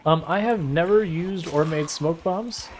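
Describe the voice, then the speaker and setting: A man's voice: fairly high pitch, a little slow, a little hiss or hum. A man streaming a game and chatting casually, rambling and sarcastic, often restarting his sentences. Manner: rambling, self-deprecating and sarcastic. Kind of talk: casual gameplay chat.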